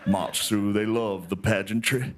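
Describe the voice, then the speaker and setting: A man's voice: lowish voice, steady tone, unhurried, natural voice. A man doing a folksy old Southern historian.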